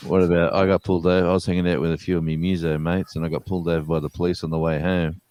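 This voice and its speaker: A man's voice: sits low, flat delivery, very fast, darkish tone, dry recording. A middle-aged man, chatting casually on a live stream and telling stories with slang. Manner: storytelling with slang and quoted voices.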